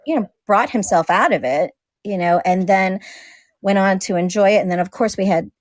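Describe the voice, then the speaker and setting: Casting note: talkative mom, mid-pitched, dry close recording, laughs easily. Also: female voice, moderate pace, no room sound. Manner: chatty, laughs often, acts out quoted dialogue. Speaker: guest; single mother. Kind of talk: casual conversation.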